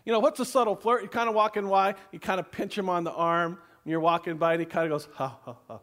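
High-voiced sarcastic male pastor. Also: quick pace. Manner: sarcastic, mock advice with frequent laughs; animated, emphatic delivery. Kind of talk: sermon.

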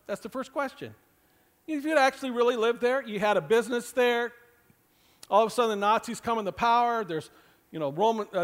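A middle-aged man preaching a sermon as pastor, earnest and conversational with joking asides. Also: high-pitched.

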